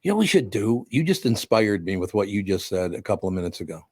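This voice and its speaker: A low-pitched man hosting a radio talk show, full of wisecracks and self-mockery. His voice sounds dry and close to the mic. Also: sing-song, fast, darkish tone, husky, dry recording. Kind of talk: casual radio banter.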